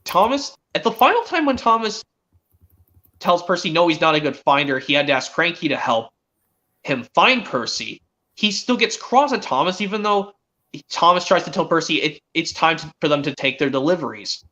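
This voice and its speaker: A man hosting a stream, chatting excitedly as a fan and rambling with frequent restarts. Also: fairly high pitch, normal speed. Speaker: stream host. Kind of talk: casual fan chat. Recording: dull lo-fi stream audio.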